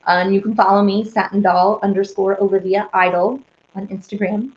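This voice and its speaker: A young woman hosts a live baking stream, rambling and giggling as she chats casually with viewers. Her mid-range voice is fairly even in intonation at a normal speed, and the recording sounds roomy and slightly dull.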